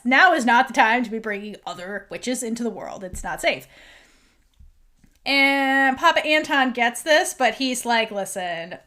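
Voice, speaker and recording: A woman's voice: on the high side, sharp tone. A woman podcast host recapping a TV episode in a chatty way, full of "like" and half-acted lines from the characters.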